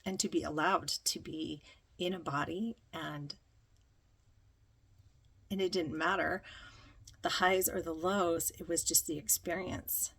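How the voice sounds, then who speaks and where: A woman telling a reflective personal story, slow and dreamy, with many ums. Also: fairly low pitch, fairly even intonation, a bit bright. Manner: slow, dreamy, breathy with frequent ums and laughter. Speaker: spiritual vlogger.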